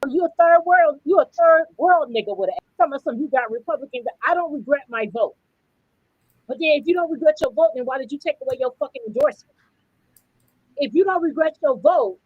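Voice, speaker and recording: A woman's voice: sits high, no echo, narrow, tinny audio. A woman podcast co-host, giving blunt, profane, fired-up commentary. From United States. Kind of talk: heated commentary.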